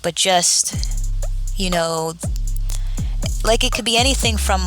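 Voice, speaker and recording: A woman talking candidly and hesitantly as a podcast guest, with frequent pauses and fillers. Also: on the low side, fairly bright tone. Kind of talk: casual podcast chat. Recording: podcast with music bed. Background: music.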